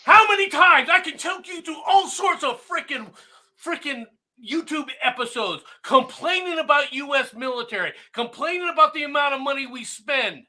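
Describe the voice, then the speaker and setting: Field. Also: male voice, extremely high pitch, lively intonation, normal speed. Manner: angry, sarcastic, mocking, often shouting. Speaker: political talk show host. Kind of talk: ranting political commentary.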